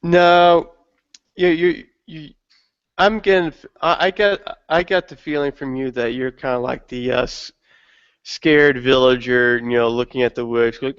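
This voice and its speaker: A man's voice: medium pitch, steady tone, unhurried, a bit bright, smooth. A man in casual online voice chat, making dry, teasing remarks. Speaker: discussion participant. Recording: dull lo-fi voice chat audio.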